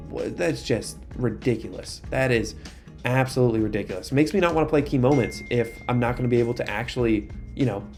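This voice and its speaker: A young man at an ordinary middle pitch talks through a football video game in a loose, chatty way. He keeps slipping into excitable, exasperated outbursts at the game. Faint music plays quietly behind him. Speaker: gaming YouTuber. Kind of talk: casual gameplay commentary.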